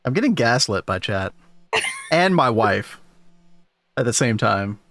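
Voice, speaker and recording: A man's voice: mid-range voice, very animated, unhurried, a bit bright, no room sound. A man streaming a game and joking with chat and his wife in playful, self-mocking banter. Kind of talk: casual gameplay stream chat.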